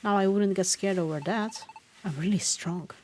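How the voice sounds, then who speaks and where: A woman's voice: mid-range voice, normal speed, darkish tone, slight background noise, lightly acted. A woman reading the lines of a small, brave boy bug creature in a game, polite and eager to please.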